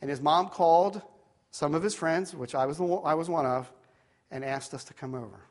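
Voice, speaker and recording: A middle-aged man's sermon wanders through a personal story, packed with digressions and restarts, and he speaks softly whenever it gets serious. His voice is a little high and brisk.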